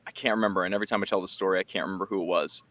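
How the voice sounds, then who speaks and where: A man, a guest on a podcast, casually telling how he found the show with animated retellings. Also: low-pitched, rapid-fire, dry recording. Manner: chatty, animated retelling with acted quotes. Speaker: podcast guest, music creator. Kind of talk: casual storytelling.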